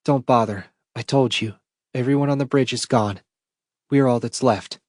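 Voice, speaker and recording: A man's voice: mid-range voice, normal speed, a little mellow, dry recording, clean studio sound, lightly acted. A male audiobook reader voicing a tense woman on a starship, speaking in urgent, clipped lines. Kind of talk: audiobook character voice.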